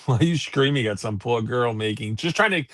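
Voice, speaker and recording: A man's voice: mid-range voice, lively intonation, normal speed, fairly bright tone, dry recording. Man, co-host, casual profane storyteller, close dry mic. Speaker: podcast co-host. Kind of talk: casual chat.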